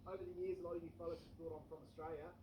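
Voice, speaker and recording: A man's voice: a little high, level tone, very fast, mellow, husky, low-quality recording. A man from New Zealand with a New Zealand accent, presenting a mock-instructional comedy sketch in a dry, offhand, joking way. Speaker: comedy video creator.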